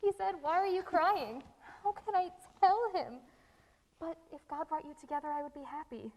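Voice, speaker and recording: A woman playing a gentle, sensible eldest sister in an amateur stage drama, with a soothing, earnest way of talking. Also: high-pitched, normal speed, long reverb tail, dull audio. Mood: tender.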